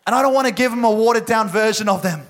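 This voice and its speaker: A young man preaching a passionate sermon at a church service, building to loud exhortation. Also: high-pitched, very fast. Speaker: pastor.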